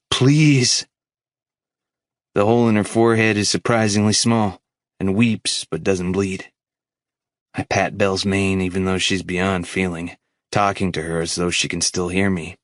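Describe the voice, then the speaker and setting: A man's voice: sits low, a bit bright, no room sound, studio quality. A man narrating an audiobook in the first person, grave and emotional.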